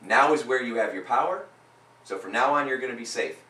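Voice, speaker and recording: A man's voice: medium pitch, lively intonation, a little fast, sharp tone. Emphatic man coaching, roomy distant sound. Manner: emphatic, repeats phrases with rising force. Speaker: hypnotist coaching a client. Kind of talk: live coaching session.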